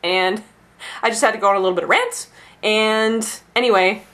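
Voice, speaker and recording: A woman's voice: medium pitch, normal speed, a bit bright. A young adult woman ranting casually about her bookstore job, swearing freely and laughing at her own asides. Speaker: bookstore employee.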